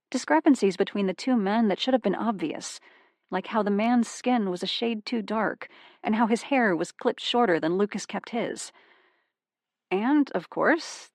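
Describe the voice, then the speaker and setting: A woman narrating a first-person psychological thriller audiobook, tense and hushed in dark moments. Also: fairly low pitch, gravelly, no echo, clean studio sound.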